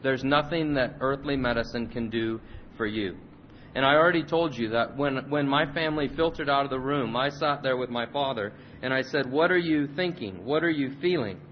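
Earnest preacher man, muffled recording. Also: moderate pace. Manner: earnest, repetitive phrasing with frequent restarts. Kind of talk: sermon with prayer. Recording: slightly muffled recording with faint rumble.

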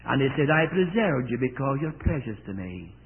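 A man's voice: mid-range voice, sing-song, moderate pace, narrow, tinny audio, a little hiss or hum. A man preaching a sermon to a congregation in an earnest way, often asking them questions. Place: church service.

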